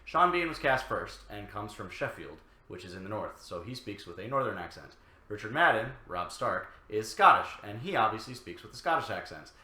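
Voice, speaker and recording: A man co-hosting a reaction show, reading viewer comments aloud with halting fillers. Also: fairly low pitch, very animated, sharp tone, roomy sound.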